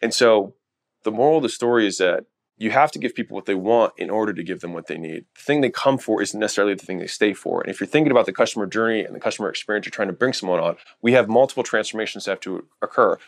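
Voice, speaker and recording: Man, podcast host, lowish voice, casual business monologue, storytelling. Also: very fast.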